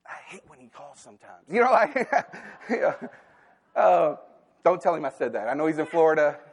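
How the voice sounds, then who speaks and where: A man delivering a sermon in a church, talking candidly with the congregation and slipping into quoted inner voices. His voice sits a bit high for a man and rings with a long hall reverb. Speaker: staff pastor. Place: church sanctuary.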